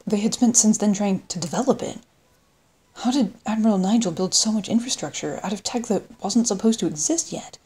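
A woman reading an audiobook in steady scripted narration. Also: mid-range voice, a little fast, slightly rough. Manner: steady storytelling read.

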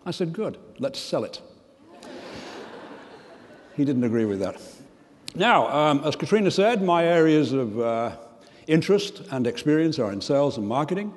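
An older man giving a humorous keynote speech, with a deadpan, self-deprecating delivery. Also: fairly high pitch, normal speed, pauses often, long reverb tail. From Australia. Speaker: keynote speaker. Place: large conference hall.

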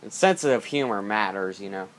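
A man's voice: on the low side, expressive, normal speed. A man talking in a rambling, joking way in a casual late-night vlog, recorded on a tablet's built-in mic at home during a power outage. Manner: rambling, jokey, repeats himself. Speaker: vlogger. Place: dark house during power outage, indoors.

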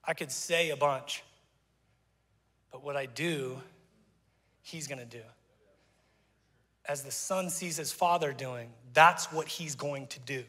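A man's voice: mid-range voice, slow pace, pauses often, bright, forceful tone. A middle-aged man preaching a sermon to his congregation, conversational and joking, with asides to the crowd. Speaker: pastor. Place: church auditorium. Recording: long church hall reverb.

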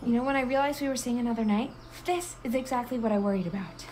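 A woman's voice: fairly high pitch, fast, a little mellow, a little hiss or hum, natural voice. A young woman voicing a blunt, exasperated girl in a video game, firmly ending a summer fling.

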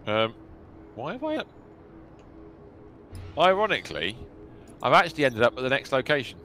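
A British man chatting casually with friends while streaming a game, animated and quick to exclaim. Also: mid-range voice, soft background music.

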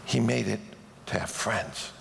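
Pastor type, male, very gravelly voice, lively storyteller; recorded in a long-reverb church hall. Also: on the low side, unhurried, music in the background. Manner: animated storyteller who acts out the people in his stories. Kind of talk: sermon storytelling. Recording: echoey hall.

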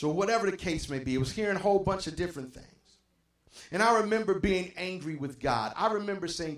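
A man's voice: high voice, animated, fairly quick. A male pastor preaching a sermon, swinging from impassioned emphasis to near-whispers and repeating phrases for effect. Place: church sanctuary. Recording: echoey church sanctuary.

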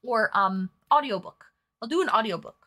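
A woman livestreams herself painting, chatting casually, reading viewer comments out loud and making crude jokes. Her voice is on the high side and pushed and bright, with lively intonation at a normal speed.

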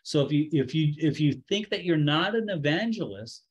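A man's voice: a little high, expressive, moderate pace, slightly rough, rough recording. A middle-aged man, a Messianic rabbi, telling a story in a casual, conversational sermon, often correcting himself and chuckling. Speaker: Messianic rabbi teaching a Bible study.

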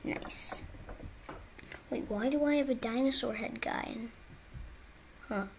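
A woman's voice: fairly high pitch, slow, creaky, slight background noise. A woman giving casual gameplay commentary as a video creator, playful and talking to herself, often dropping into a whisper.

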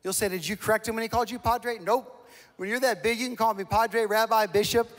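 A man with a high-pitched voice preaching from the pulpit, spinning a comic personal story full of self-mocking jokes. His voice rings out with a long echo that hangs in a large church hall. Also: brisk. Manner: humorous, lively storytelling with self-mocking asides. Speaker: pastor. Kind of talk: storytelling sermon.

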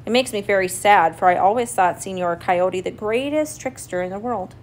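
A woman voicing a clever little male mouse in a storybook reading, calm and crafty as he bargains. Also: mid-range voice, moderate pace, lightly acted. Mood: pleading.

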